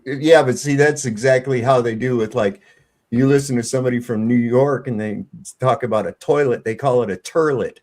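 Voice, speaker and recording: Casting: blunt, profane man, casual panel talk, mid-pitched voice. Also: steady tone, a little mellow. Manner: blunt, swears freely, drawn-out storytelling.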